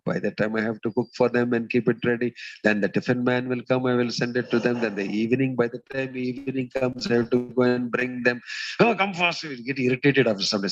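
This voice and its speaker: A man giving a spiritual talk as a swami, telling stories in a community hall and pausing with "uh" as he goes. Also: mid-range voice, lo-fi sound. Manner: storytelling, acts out quoted voices, pauses with "uh". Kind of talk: sermon.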